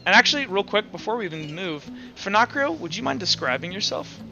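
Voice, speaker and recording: A man narrating a tabletop game as game master, casual and full of filler pauses. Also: sits high, big pitch swings, lo-fi sound.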